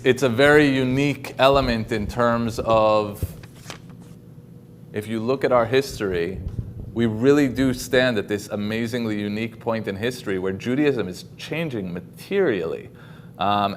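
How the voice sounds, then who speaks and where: A man's voice: fairly low pitch, a little hiss or hum. A man giving a casual talk over a video call, with many ums and restarts. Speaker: guest speaker. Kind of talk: informal lecture.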